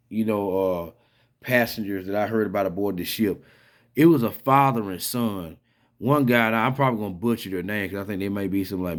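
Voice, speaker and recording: Low-voiced man, rambling casual commentary. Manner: rambling, conversational, many fillers and restarts; incredulous, head-shaking tone. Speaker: vlogger.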